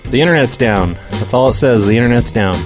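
A man's voice: medium pitch, animated, brisk, loud music behind the voice. Guy prank calling, stutters a bunch, acts all hurt, voice goes up and down a lot. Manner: stammering, mock-hurt, whiny complaints. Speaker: prank caller. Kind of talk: prank phone call.

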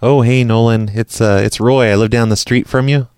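A man's voice: medium pitch, steady tone, normal speed, a little mellow, clean tone, no room sound, clean studio sound. A man hosting a prank-call show, talking casually with lots of fillers and making phone calls. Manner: rambling, chatty, many fillers.

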